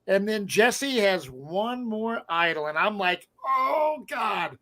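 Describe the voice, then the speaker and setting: A relaxed podcast co-host recaps the episode in casual chat. The voice mostly gives short agreements and sits at a middle pitch. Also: slow pace.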